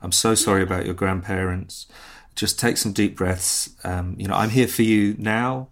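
A man's voice: low voice, steady tone, moderate pace. A man playing an awkward former office temp in an improvised comedy sketch, hesitant and stammering but soothing. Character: awkward adult male former office temp, gentle and unsure. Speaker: podcast guest.

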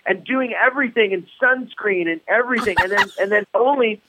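A man's voice: high voice, brisk, noisy background. A man, a comedian and guest, telling stories in a casual interview with many restarts. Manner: rambling storyteller with many restarts. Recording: tinny phone-line sound.

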